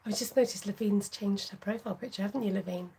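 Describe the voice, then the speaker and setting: Female host, mellow and a touch husky, chatty livestream crafter who laughs easily. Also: medium pitch, fast talker, poor audio. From United Kingdom. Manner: chatty, laughs often, reads viewer comments aloud. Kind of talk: casual livestream craft tutorial.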